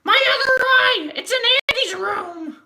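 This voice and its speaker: A man doing a high, squeaky impression of a frantic female toy potato, with drawn-out wailing. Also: animated, creaky, sharp tone, heavily acted. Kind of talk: voice impression on live stream.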